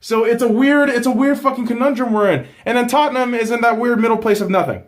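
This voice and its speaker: A man's voice: very high-pitched, fast. Young man hosting a casual football season review, ranting with lots of swearing. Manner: profane, animated ranting. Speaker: host.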